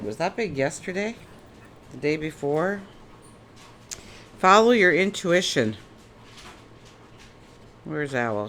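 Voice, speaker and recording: A woman's voice: deep voice, a bit bright, a little hiss or hum. A woman giving a casual daily tarot reading in a chatty way, asking many rhetorical questions. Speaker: tarot reader.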